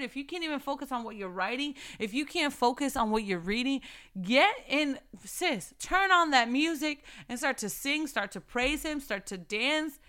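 A young woman gives a casual devotional talk with fervent, emphatic delivery. She circles back on key phrases and stresses them again and again. Her voice sits high, with a bright and smooth tone.

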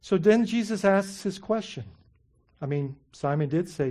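At a medium pitch and an unhurried pace, a pastor delivers a conversational, animated sermon. Questions to the listeners come often, as do the fillers "you know" and "right?".

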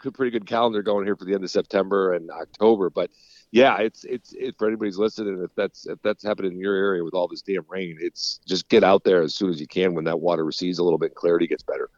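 A man, a fishing guide, talking in a rambling, relaxed way on a casual phone interview, swearing now and then. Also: sits low, fast, no room sound, dull audio. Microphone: phone call.

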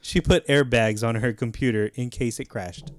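A man's voice: medium pitch, steady tone, normal speed, no room sound. Male co-host, laid-back banter, mid-range voice, dry close recording. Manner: delivers joke punchlines with a lift, easygoing banter. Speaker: podcast co-host. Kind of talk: casual chat.

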